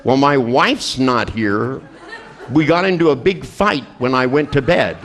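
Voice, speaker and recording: A man's voice: medium pitch, animated, measured pace, fairly bright tone. A man voicing a frightened, bewildered husband who speaks in a dazed, hesitant way. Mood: sheepish.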